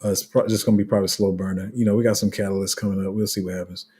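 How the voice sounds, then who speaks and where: A man's voice: lowish voice, level tone, rapid-fire, warm tone, breathy edge. A man hosting a casual crypto livestream, rambling with many restarts and reading viewer comments aloud. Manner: rambling, restarts often, laughs at himself.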